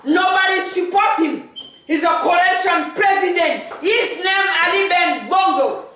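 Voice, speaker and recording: A high-pitched woman with a Gabonese accent speaks in a fervent, pleading way, her voice rising into shouts. She sounds set back from the microphone in a very echoey room. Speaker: political activist. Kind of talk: impassioned video statement. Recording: very echoey room, voice far from mic.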